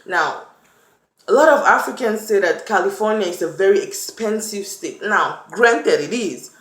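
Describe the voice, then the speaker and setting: In a personal talk to camera, a young Cameroonian woman vlogger earnestly shares her story and acts out little quotes. Her mid-range voice is animated and fairly bright at a moderate pace, recorded in an echoey room.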